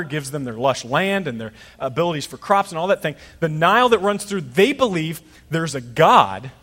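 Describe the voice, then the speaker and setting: A man's voice: on the high side, fairly bright tone, big-room sound. A middle-aged man preaching a sermon as pastor, conversational and storytelling, acting out voices in his stories.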